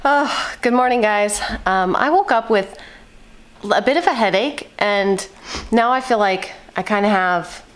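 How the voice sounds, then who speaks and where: A woman in her thirties chatting casually to the camera at home, rambling with lots of fillers, her voice a little hoarse and nasal from a coming cold. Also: medium pitch, lively intonation, a little slow. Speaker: vlogger, mother of eight. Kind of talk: casual vlog chat. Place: at home indoors.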